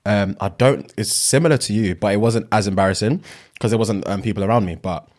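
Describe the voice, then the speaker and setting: A young man, co-hosting a podcast in casual chat, relaxed and chiming in with short agreements and laughs. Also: on the low side, brisk. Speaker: podcast co-host.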